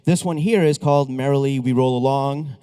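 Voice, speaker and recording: Brief: male band director, chatty and upbeat, mellow tone, long hall reverb. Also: medium pitch, fairly quick, clear, resonant tone. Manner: chatty and upbeat, with restarts and asides. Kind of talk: speaking to a concert audience between pieces. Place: school auditorium.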